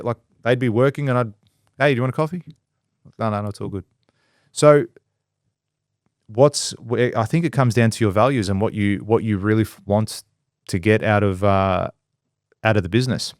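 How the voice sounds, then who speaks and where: Man, business-owner co-host, blunt and foul-mouthed, mid-pitch, dry close sound. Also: moderate pace, pauses often, dry recording. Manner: blunt and profane, acts out quoted people in lively voices. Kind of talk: casual podcast discussion.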